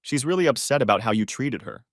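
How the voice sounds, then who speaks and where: A man voicing a furious young man who shouts bitter accusations at his brother in a read-aloud story. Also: mid-range voice, animated, fast talker, no room sound, clean studio sound, close to an everyday voice. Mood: accusing.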